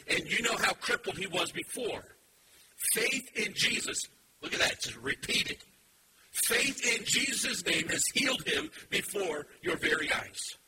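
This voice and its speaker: A man preaching a sermon as pastor, emphatic, swinging from quiet asides to loud shouted points. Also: high-pitched, unhurried. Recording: steady background hiss.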